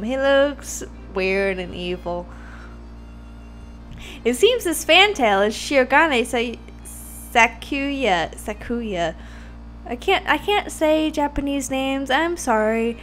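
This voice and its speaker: A woman's voice: on the high side, a bit bright. A young woman hosting a game playthrough, reading aloud and commenting in a chatty, self-deprecating way, often tripping over words. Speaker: let's play host.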